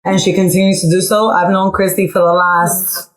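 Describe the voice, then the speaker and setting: Low-voiced woman telling a heartfelt story. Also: normal speed, low-quality recording. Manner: relaxed, heartfelt, repeats herself. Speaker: podcast co-host. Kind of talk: casual storytelling among friends.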